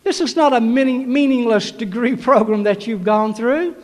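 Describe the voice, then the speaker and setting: A man's voice: very high-pitched, moderate pace. A man preaching a graduation sermon, urging the class with emphatic repetition. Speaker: commencement preacher. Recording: long hall reverb.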